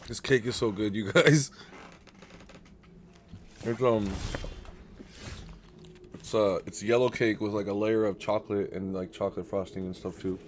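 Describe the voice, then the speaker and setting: With a lowish voice, a measured pace, and frequent pauses, an American gaming streamer plays cards live; the recording has slight hiss or hum. He swears plenty, stays excitable, and chats casually with viewers by name.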